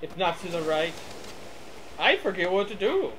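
A man's voice: high-pitched, big pitch swings, moderate pace, noisy background. A man playing a video game and commenting casually, flustered, laughing and cursing at the controls. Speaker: game player. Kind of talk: casual let's-play commentary.

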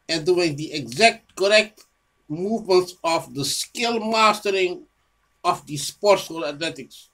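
This home video presenter, showing off their own research, speaks in a mid-range voice with a fairly bright tone. The unscripted monologue rambles, with frequent repeated words and restarted phrases, and the speaker scolds an imaginary listener.

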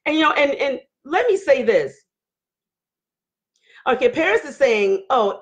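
A hoarse woman hosting a casual livestream, talking loud and candid while she reads viewer comments. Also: on the high side. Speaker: livestream host. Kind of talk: casual live chat reading viewer comments.

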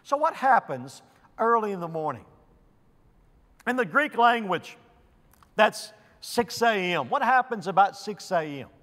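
A man with a high voice preaches in a deliberate, unhurried cadence, stressing single words and letting pauses hang. His voice rings out in a church sanctuary with a long reverb tail. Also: big pitch swings, bright, forceful tone. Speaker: pastor. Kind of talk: sermon.

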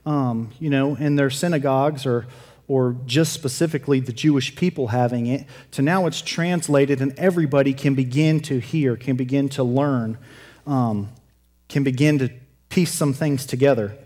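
A man's voice: mid-range voice, normal speed, warm tone, big-room sound. A man preaching a sermon in a conversational, joking way, correcting himself and asking the congregation questions. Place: church.

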